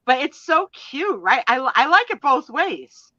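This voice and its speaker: A woman's voice: sits high, big pitch swings, unhurried, bright, forceful tone, no echo, muffled recording. A woman joining a live stream as a regular co-host, talking in a playful, teasing, theatrical way.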